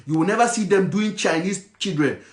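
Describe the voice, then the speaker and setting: A man with a Nigerian accent speaks with heated passion, slipping into Pidgin. His voice sits high for a man. The room around him rings with echo. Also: a little fast. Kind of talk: impassioned monologue.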